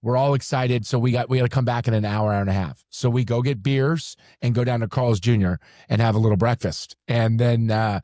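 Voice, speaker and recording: A man with a mellow, dark voice recounts a day out, step by step, in casual podcast chat. The sound is dry and close, with no room around it. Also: mid-range voice, fairly quick, few pauses, no room sound. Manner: chatty, recounts events step by step. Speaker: podcast co-host.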